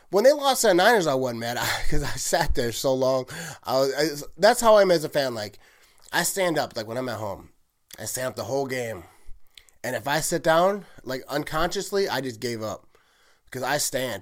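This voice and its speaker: A man hosting a solo sports podcast, rambling and excited, often correcting himself and laughing at his own slips. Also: on the high side. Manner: rambling, heavy use of "like", self-correcting. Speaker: podcast host.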